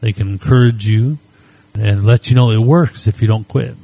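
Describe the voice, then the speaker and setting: A middle-aged man preaching as a pastor, moving between quiet spoken prayer and reflective storytelling. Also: fairly low pitch, steady tone, gravelly, low-quality recording. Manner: unhurried, reflective storytelling with soft prayerful asides.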